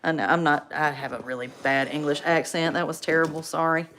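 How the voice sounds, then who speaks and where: Chatty woman livestreaming. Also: sits low. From North Carolina. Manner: chatty and animated, quick to laugh. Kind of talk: casual livestream chat.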